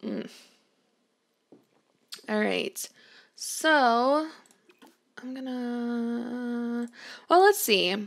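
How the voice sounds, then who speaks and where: A woman talks through her game session from home in a loose, chatty way, giggling and scolding the characters on screen. Her voice sits a little high, with a noticeable gravelly fry at the ends of phrases. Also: expressive, extremely slow, pauses often. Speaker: gameplay streamer. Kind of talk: casual let's-play commentary. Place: home room.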